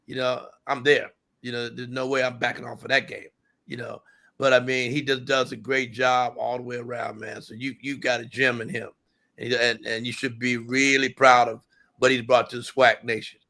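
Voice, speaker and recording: A man who is a sports media executive, appearing as a guest and answering warmly with many "you know" fillers. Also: mid-range voice, level tone, normal speed, creaky. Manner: appreciative, fills with "you know". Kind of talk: interview answer.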